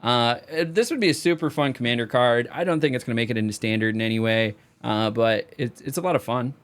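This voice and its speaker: A young man rambling casually through card reviews, his voice going hoarse and straining on high notes. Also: quick pace. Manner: loose, rambling, sings a repeated catchphrase. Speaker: card game video creator.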